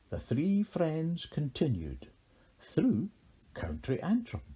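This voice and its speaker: A man reads a children's storybook aloud, slow and unhurried. His voice is husky and mellow, and his pitch swoops widely as he tells the tale. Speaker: narrator. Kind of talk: storybook reading.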